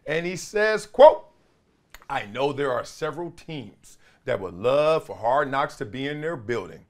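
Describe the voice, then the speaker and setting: Lively, animated man hosting sports talk. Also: medium pitch. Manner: lively, playful, drops into quick impressions and chants. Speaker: host.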